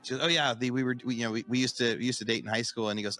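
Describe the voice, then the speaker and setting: A middle-aged man co-hosting a podcast chats casually and tells stories, acting out the voices of the people in them. He speaks rapid-fire in a medium-pitched, slightly bright voice with fairly even intonation. Soft music plays in the background.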